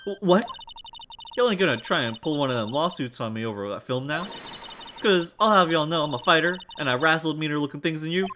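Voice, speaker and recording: A streamer voicing a loud young Southern woman photographer, drawling and stumbling over long lines, with game music behind. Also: mid-range voice, animated, a little fast, background noise, lightly acted. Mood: scolding.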